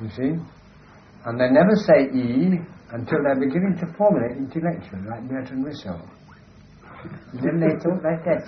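Man, emphatic lecturing talk, keeps saying you see, medium pitch, dull old recording. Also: animated, a little fast, a little hiss or hum. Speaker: speaker discussing language. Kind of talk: discursive monologue in conversation.

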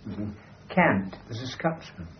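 This speaker on language has a lowish voice with lively intonation and a slow delivery. He lectures emphatically in a rambling conversational monologue, often asking "you see", over audio with cut-off highs and a faint hiss or hum.

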